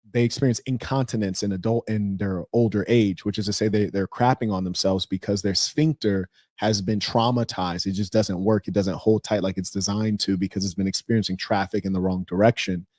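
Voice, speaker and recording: A middle-aged man hosting a relationship advice livestream, talking candidly and telling stories with loud, animated outbursts. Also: lowish voice, no room sound, studio quality. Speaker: host of a relationship advice show. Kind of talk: casual livestream talk reading viewer messages.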